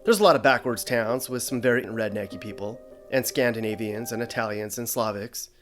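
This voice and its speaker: Dry, deadpan male comedy narrator. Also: fairly low pitch, brisk, faint music behind. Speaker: host.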